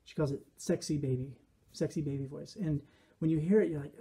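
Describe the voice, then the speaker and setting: Man, casual commentary, rambling and reflective, slightly high voice, husky. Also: steady tone, normal speed, mellow. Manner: rambling, reflective, with quoted asides. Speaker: behaviorist commentator.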